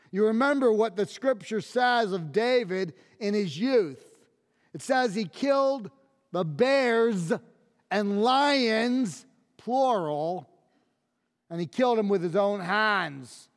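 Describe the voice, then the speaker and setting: A male pastor preaching a sermon with emphatic delivery, dropping low and quiet on key phrases. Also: expressive, takes it slowly, long reverb tail.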